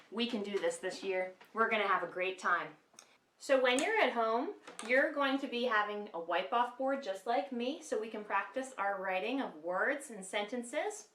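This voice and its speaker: Woman, kindergarten teacher, animated sing-song voice for little kids, roomy echo, mic a few steps away. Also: medium pitch, a little slow, distant mic, slight background noise. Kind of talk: lesson for young children. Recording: echoey room, mic set back.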